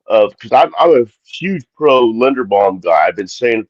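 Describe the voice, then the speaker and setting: A man in casual podcast chat, joking and quick to chime in. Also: medium pitch, animated, no echo. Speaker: podcast co-host. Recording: dull dry remote mic.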